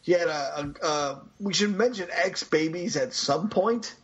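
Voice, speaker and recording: A man's voice: a little high, a little slow, husky. A man hosting a podcast in casual chat, joking and rambling, on dull lo-fi audio. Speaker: podcast host.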